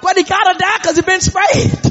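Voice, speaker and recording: A man preaching a fervent sermon, often shouting and calling out to the congregation for responses. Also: extremely high pitch, fairly even intonation, a little fast, faint music behind. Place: church sanctuary. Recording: echoey hall, dull lo-fi sound.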